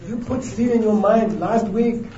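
A man giving a spiritual teaching in simple, in short phrases with chuckles, pausing for an interpreter. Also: high voice, dark tone. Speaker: Buddhist teacher. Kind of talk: teaching talk with consecutive interpretation. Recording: distant, roomy, dull lo-fi sound with faint ambience.

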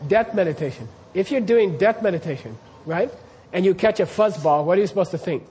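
A man's voice: high-pitched, animated, fairly quick, few pauses, a little mellow. A man teaching Buddhist practice to a class, putting questions to the students and often checking that they follow. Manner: quizzes the class, keeps checking "you see what I mean?".

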